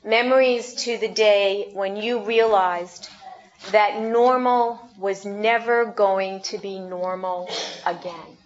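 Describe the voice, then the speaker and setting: A woman pastor preaching a sermon, reflective and gentle, often asking the congregation questions. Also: medium pitch, steady tone, slow pace, dull audio.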